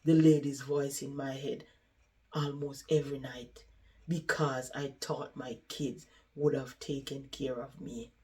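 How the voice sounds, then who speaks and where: A tired old woman looks back on a life of overwork with quiet regret, voiced by a woman retelling her story. The speech is slow and heavy and sits near tears. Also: extremely low pitch, level tone. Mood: weary. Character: weary regretful older woman in care.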